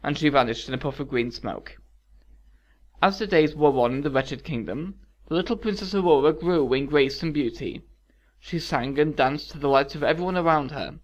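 A man reading a dark fairy tale aloud in a measured, expressive way as a storyteller. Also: on the high side, dull audio. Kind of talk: scripted fairy-tale narration.

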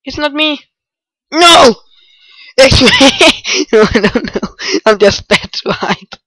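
A woman giving frantic gameplay commentary, shouting and wailing in mock despair. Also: mid-range voice, unhurried, no echo, poor audio. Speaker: gamer recording gameplay.

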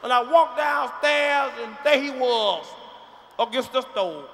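A comedian putting on a shrill, gossipy middle-aged auntie who retells the same death story over and over, breathless and drawling. The voice is very high and bright, carried through a large hall with a long echo. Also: male voice, moderate pace, creaky, a little hiss or hum, full character voice. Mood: frantic. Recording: live stage show in a large hall.

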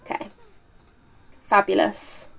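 A woman chatting casually through a gameplay video, laughing a lot and scolding the characters on screen, recorded at a home desk mic. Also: slow pace. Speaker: gaming YouTuber. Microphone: desk mic with face cam.

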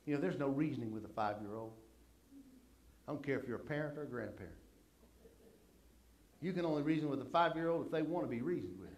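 A man's voice: medium pitch, expressive, fast talker, long pauses. An older man, preaching a sermon and telling folksy stories about his family in a conversational way. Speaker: pastor. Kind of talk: sermon storytelling.

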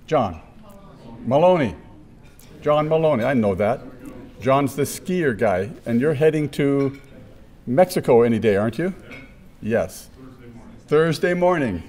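A man's voice: mid-range voice, animated, unhurried, darkish tone. Man welcoming a business forum. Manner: thanks sponsors and names guests, friendly and informal. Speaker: chamber of commerce event host. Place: meeting room.

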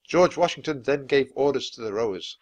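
A man reading a children's chapter book aloud clearly and expressively for language learners. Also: mid-range voice, lively intonation, a little fast, a little mellow, dry recording, highs cut off. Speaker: storybook reader.

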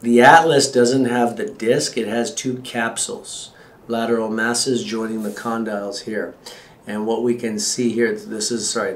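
A man's voice: on the low side, roomy sound, a little hiss or hum, low-quality recording. A man working as a chiropractor, explaining x-rays and exam findings to a patient in a casual, joking way. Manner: casual, joking, talks as he shows. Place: clinic exam room.

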